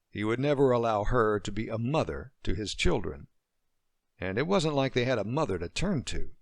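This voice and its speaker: A man narrating a romance novel as an audiobook, reading slowly and expressively. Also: fairly low pitch, no room sound, studio quality. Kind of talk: scripted narration.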